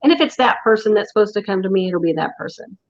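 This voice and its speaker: A woman's voice: medium pitch, quick pace. A woman who owns a metaphysical shop, talking as a guest in a casual interview, explaining things patiently and laughing easily. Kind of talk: casual interview over a video call. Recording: dull lo-fi call audio.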